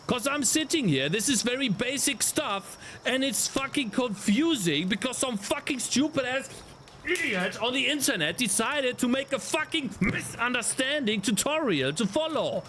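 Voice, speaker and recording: A man's voice: very high-pitched, animated, normal speed, pushed and bright, slight background noise. A young man streaming as a game developer, ranting in exasperation with heavy swearing and sighs. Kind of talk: live-stream commentary while coding.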